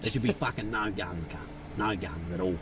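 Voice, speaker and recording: A young man with a very deep voice talks over a headset while gaming. He is laid-back and profane, drifting into loose rants, and clear game noise sits underneath. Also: fairly quick. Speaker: gamer.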